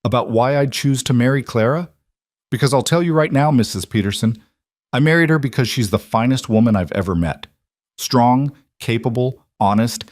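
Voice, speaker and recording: A steady, protective mountain man, as a narrator gives him voice, low and level, cutting in firmly. Dry, close storybook reading. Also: no echo, natural voice. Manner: calm, then forceful.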